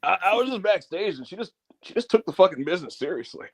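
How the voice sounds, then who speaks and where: A man co-hosting a casual podcast, telling animated stories and laughing often. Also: high-pitched, fast talker. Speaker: podcast co-host.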